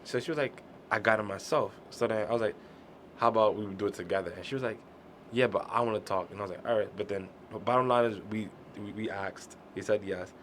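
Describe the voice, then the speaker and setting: A man's voice: lowish voice, fast, fairly bright tone, a little hiss or hum. A young man in casual conversation, animatedly retelling a story and quoting what others said.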